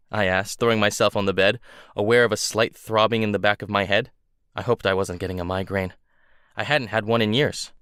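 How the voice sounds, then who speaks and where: Man with a smooth, dry narrating voice. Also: lowish voice, steady tone, brisk, a bit bright, no room sound. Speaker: audiobook narrator. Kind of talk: scripted first-person narration.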